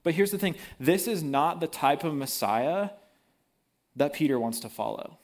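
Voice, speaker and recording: Man preaching casually, slightly higher voice. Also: moderate pace. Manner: casual, animated preaching with slang. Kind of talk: sermon.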